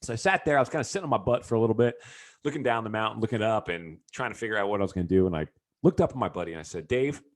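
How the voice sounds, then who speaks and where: Animated man telling a story. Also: lowish voice, rapid-fire. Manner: animated, lots of fillers and restarts. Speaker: business coach speaking to entrepreneurs. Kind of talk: casual storytelling with a lesson.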